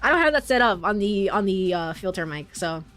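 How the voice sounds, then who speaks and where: A woman's voice: medium pitch, expressive, fairly quick, a bit bright, faint music behind. A young woman streamer giving playful, giggly game commentary and swearing casually. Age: young adult.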